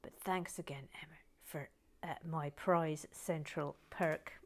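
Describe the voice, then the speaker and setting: A woman hosting a building video, chatting casually and self-deprecatingly, slipping between whispers and soft talk. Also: sits low, fairly even intonation, slow. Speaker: host of a building channel. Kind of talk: casual chat while building, partly whispered.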